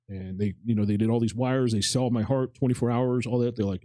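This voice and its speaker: Fast-talking man in his forties. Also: medium pitch, mellow, dry recording. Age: 40s. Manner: rambling anecdotal storytelling, acts out quotes, swears casually. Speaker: podcast co-host. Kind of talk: casual chat.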